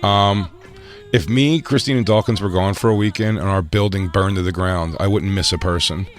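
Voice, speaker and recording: A man co-hosting a podcast, talking in crude casual banter with a blunt, profane, deadpan manner. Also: low-pitched, moderate pace, faint music behind. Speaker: podcast co-host.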